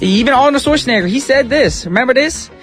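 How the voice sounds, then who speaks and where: An upbeat man hosts a radio show from the studio, chatting in a casual, slangy way. His voice sits high for a man. Faint music plays under his talk. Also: expressive, quick pace, fairly bright tone.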